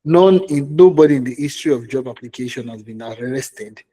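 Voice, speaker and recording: A man's voice: medium pitch, a little fast, mellow, slightly rough. A man with a Nigerian accent coaching job seekers in a conversational way, repeating his points and checking in with "okay?". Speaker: career coach. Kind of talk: live online coaching session.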